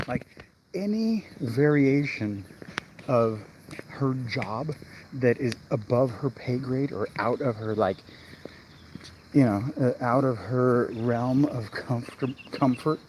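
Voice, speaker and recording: A man's voice: mid-range voice, slow, background noise. A man working as a real estate agent, chatting and rambling to himself in a casual livestream while going door to door outdoors, recorded on a mobile phone. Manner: chatty, rambling, talks to himself between doors. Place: outdoors on residential streets.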